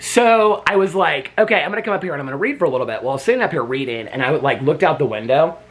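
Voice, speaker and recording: A man's voice: fairly high pitch, animated, rapid-fire. A man vlogging from his bedroom at home, chatting in a rambling way and talking sweetly to his dogs. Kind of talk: casual chat.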